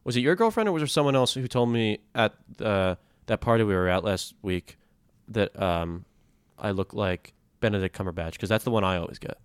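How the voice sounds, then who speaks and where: A man's voice: on the low side, expressive, brisk, smooth, dry recording, studio quality. A man co-hosting a casual podcast chat, joking around and putting on mock accents. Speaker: podcast co-host.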